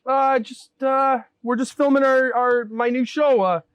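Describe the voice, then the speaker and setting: A man's voice: very high-pitched, fairly even intonation, a little slow, clear, resonant tone. A man hosting a comedic chat outdoors in a backyard, grumbling and mock-exasperated. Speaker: host. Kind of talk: comedic casual banter.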